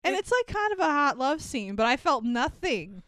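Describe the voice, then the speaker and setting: A woman's voice: high voice, sing-song, normal speed, few pauses, fairly bright tone, dry recording. A woman co-hosting a casual movie podcast, blunt and sarcastic, swearing often. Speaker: podcast co-host.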